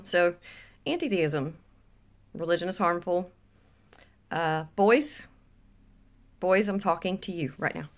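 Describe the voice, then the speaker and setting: A woman with a Southern US accent ranting bluntly and profanely to a phone camera held close at home, dropping into whispers for emphasis. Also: lowish voice. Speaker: vlogger. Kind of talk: blunt opinion rant to camera.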